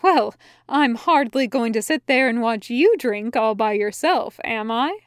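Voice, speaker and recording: A woman's voice: on the high side, lively intonation, no echo, clean studio sound. A woman voicing a cheerful, forthright female angel. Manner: bright, brisk and exasperated.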